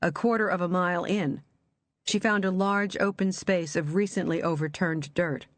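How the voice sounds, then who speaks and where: An audiobook narrator reading a thriller in an even, measured storytelling voice. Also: mid-range voice, no room sound.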